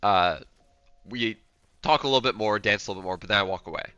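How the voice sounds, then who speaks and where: A man's voice: on the low side, fast talker, clean tone, no room sound, lo-fi sound, faint music behind. A young man telling a story in a loose, rambling way, acting out what people said. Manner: rambling, animated, acts out quotes. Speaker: streamer. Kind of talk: casual storytelling.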